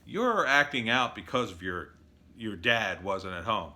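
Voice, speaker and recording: Dude doing a preachy soft therapist, lecturing gently, bright tone. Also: male voice, fairly low pitch, lively intonation, unhurried, exaggerated voice.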